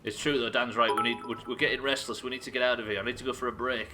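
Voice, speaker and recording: A man streaming a game live, talking excitably, swearing often and thanking viewers as he plays. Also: mid-range voice, very fast, over music. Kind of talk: live gameplay commentary.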